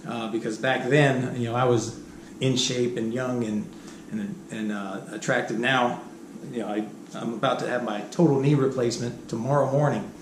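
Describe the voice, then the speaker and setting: Chuckling as he wanders through anecdotes about his life, a middle-aged man talks with plenty of fillers and false starts. His voice is medium in pitch and steady, his pace moderate, and the room sounds roomy with a faint hum.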